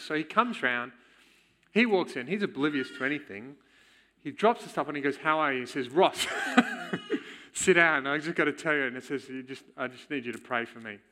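A man's voice: a little high, sharp tone. A man, giving a candid personal testimony in a sermon and chuckling now and then as he tells the story. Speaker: church speaker.

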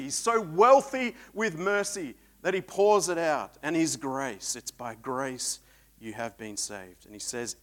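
A man preaching a sermon, swinging between loud emphatic peaks and quiet reflective stretches. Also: medium pitch.

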